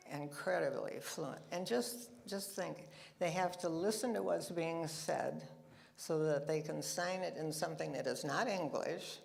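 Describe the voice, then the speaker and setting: Slow, gravelly woman talking to a congregation. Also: deep voice, a little mellow. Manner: chatty and anecdotal, with asides and laughs. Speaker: guest speaker at a church service. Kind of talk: conversational talk to a congregation. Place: church meeting room with a live audience.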